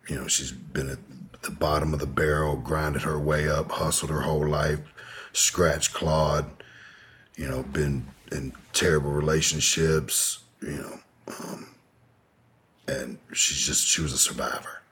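Very deep, raspy-voiced man telling a story. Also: level tone, unhurried, fairly bright tone. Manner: candid, rambling, profane, with many fillers. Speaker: guest. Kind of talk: candid storytelling in conversation.

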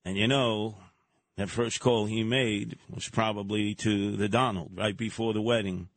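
A man's voice: fairly low pitch, measured pace. A man hosting a talk radio show, ranting in a monologue and slipping into mocking impressions. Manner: animated, jumping into mocking impressions.

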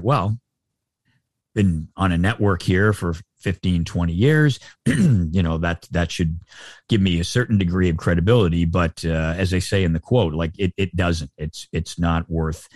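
A man's voice: low-pitched, darkish tone, no room sound, studio quality. A middle-aged Canadian man, a sportscaster, chatting in an interview with lots of fillers and restarts. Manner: rambling, many fillers and restarts. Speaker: sportscaster guest. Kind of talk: casual interview chat.

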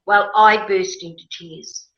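A woman telling a personal story in a casual interview, animated and emotional, acting out her own past words. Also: mid-range voice, slow pace. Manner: animated, emotional, quotes herself with rising excitement. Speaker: guest. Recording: roomy, slightly dull sound.

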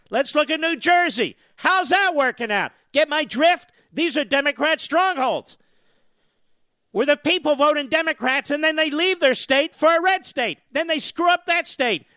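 Animated, sarcastic older male talk host. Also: very high-pitched, no room sound, clean studio sound. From US East Coast. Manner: sarcastic, mocking, combative. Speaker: radio talk show host. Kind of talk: opinionated talk radio monologue.

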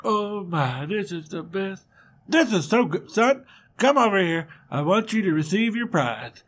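A performer voicing a gullible, fond old father who speaks slowly with a swooping, lively pitch. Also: a little hiss or hum. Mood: delighted.

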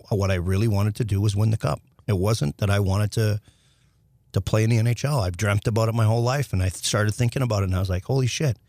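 A middle-aged man, a former hockey player, telling stories as a podcast guest in a rambling, animated way with restarts and some swearing. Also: on the low side, no echo. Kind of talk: casual storytelling interview.

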